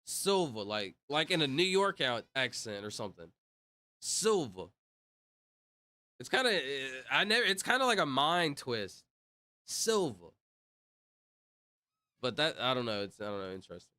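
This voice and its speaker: A man's voice: medium pitch, sing-song, normal speed, sharp tone, clear, resonant tone, no echo. A young man livestreaming, chatting casually with viewers in a rambling way full of fillers. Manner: rambling, talks to chat, many fillers.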